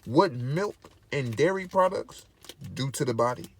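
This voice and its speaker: A man's voice: medium pitch, lively intonation, measured pace. A man vlogging in casual to-camera commentary, emphatic and preachy, repeating his points over and over.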